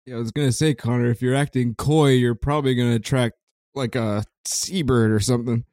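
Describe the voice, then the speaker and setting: A man's voice: mid-range voice, steady tone, fairly quick, a little mellow, no echo, studio quality. A man joking offhandedly as a podcast co-host.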